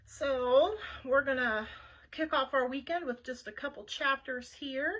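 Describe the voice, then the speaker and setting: A woman's voice: high voice, a little slow, a bit bright, rough recording. A woman librarian reading a children's book aloud with chatty asides to young listeners.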